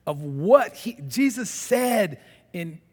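Husky, fervent preacher man. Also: high voice, slow, long reverb tail. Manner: animated storytelling, fervent. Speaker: pastor. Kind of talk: sermon and prayer.

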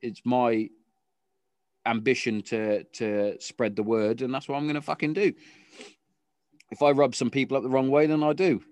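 A man's voice: mid-range voice, steady tone, normal speed, long pauses, a little mellow, dry recording. A British man hosting a casual podcast chat, talking in a sweary, rambling way with frequent restarts. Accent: British English. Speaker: podcast host.

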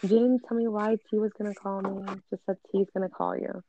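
A young woman casually telling a personal story, animated and full of filler words. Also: medium pitch, brisk, slight background noise. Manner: animated, frequent "like" fillers, acts out quoted dialogue. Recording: dull lo-fi recording.

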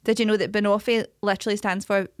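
A woman's voice: mid-range voice, little pitch movement, fast talker, dry recording, clean studio sound. A woman co-hosting a podcast, chatting in a blunt, matter-of-fact way. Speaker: podcast co-host. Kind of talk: casual chat.

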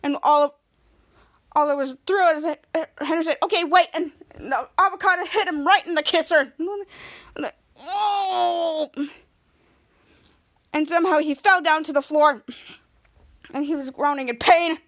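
A woman's voice: sits high, moderate pace, long pauses, fairly bright tone. A woman podcast host rambling through a casual recap of a TV episode. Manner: rambling, repeats "cut to".

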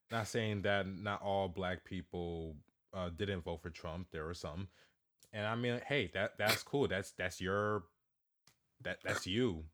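Male co-host, slow unhurried delivery, slangy, stop-start phrasing. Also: low-pitched, a bit bright. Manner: slangy, halting, many restarts. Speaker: podcast co-host. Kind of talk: casual podcast chat.

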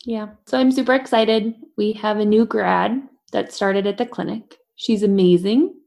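A woman in her thirties, a veterinarian, chatting casually on a podcast and acting out quotes in animated stories. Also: medium pitch, normal speed, vocal fry. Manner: animated storyteller, acts out quotes.

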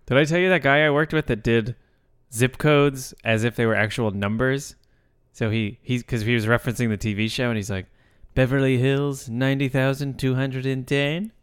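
Smooth-voiced man, rambling podcast co-host. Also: medium pitch, fairly quick, fairly bright tone. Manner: rambling, self-mocking, breaks into silly voices. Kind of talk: casual chat. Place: indoors, recording at night.

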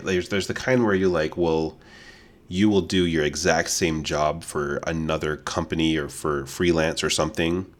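A very deep-voiced man co-hosting a relaxed podcast. He chats easily, laughs often and wanders through his thoughts with plenty of fillers. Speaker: podcast co-host. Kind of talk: casual podcast chat.

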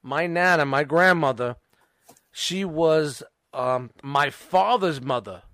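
A man's voice: on the high side, slow pace, fairly bright tone, no room sound, studio quality. A middle-aged man, telling long, profane, rambling stories on a casual podcast, full of restarts. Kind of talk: casual storytelling chat.

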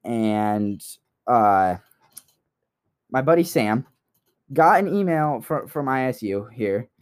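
A young American man co-hosting a casual podcast, his voice sitting at an ordinary middle pitch. He rambles with lots of fillers and restarts, then turns heated, emphatic and profane when something bothers him. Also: expressive, slow, clear, resonant tone. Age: young adult. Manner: rambling, gets heated and swears when riled. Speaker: podcast co-host.

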